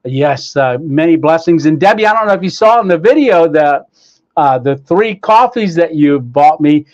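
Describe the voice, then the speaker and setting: A man hosts a casual livestream and reads out viewer comments, greeting people by name with plenty of fillers. His voice sits a little high. The sound is dull and lo-fi, with a clip-on mic that gets staticky. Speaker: livestream host. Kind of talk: casual live chat reading viewer comments. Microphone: clip-on microphone, sometimes staticky.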